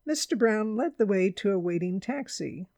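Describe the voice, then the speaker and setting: A woman reads a children's storybook aloud in a clear, measured way. Her voice has a gravelly edge, recorded close and dry. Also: mid-range voice, lively intonation, warm tone, dry recording.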